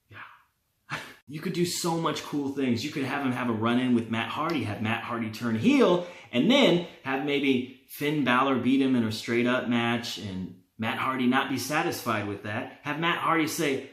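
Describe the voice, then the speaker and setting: A man hosting a wrestling vlog, talking in an animated, opinionated way and laughing now and then. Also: mid-range voice, moderate pace. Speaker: wrestling vlogger. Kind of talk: casual fantasy-booking talk. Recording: roomy, echoey.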